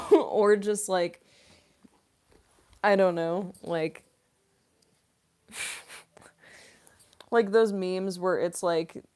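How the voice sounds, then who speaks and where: A woman's voice: fairly low pitch, a little mellow. A young woman voice actress chatting casually on a livestream Q&A, rambling with lots of fillers and frequent giggles. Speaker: voice actress streamer.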